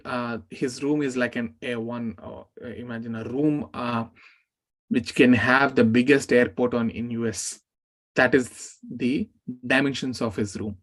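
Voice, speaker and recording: A man who teaches a scripture class, retelling an epic in a lively way and speaking the characters' words aloud. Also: medium pitch.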